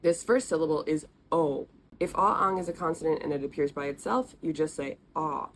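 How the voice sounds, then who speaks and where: A woman teaching the letters and sounds of an alphabet in a friendly, patient way, repeating each sound slowly. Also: low voice, a little hiss or hum. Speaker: language teacher. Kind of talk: explaining, recorded lesson.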